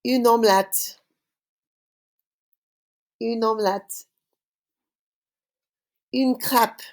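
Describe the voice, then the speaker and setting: A woman teaching a recorded French vocabulary lesson, saying words slowly for students to repeat and praising them often. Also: on the high side. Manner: slow call-and-repeat drilling with cheerful praise. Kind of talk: recorded online language lesson.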